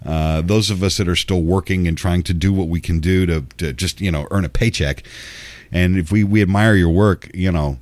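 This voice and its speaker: Rambling low-voiced male radio host. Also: normal speed, a little mellow, no echo. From Memphis, Tennessee. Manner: meandering, frequent restarts and fillers. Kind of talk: casual rambling monologue.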